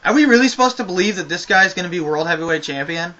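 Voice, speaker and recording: A man's voice: sits high, lively intonation, a little fast, hardly any pauses, fairly bright tone, dull audio. A man giving a casual spoken review of a wrestling show, ranting with exasperation and a lot of swearing.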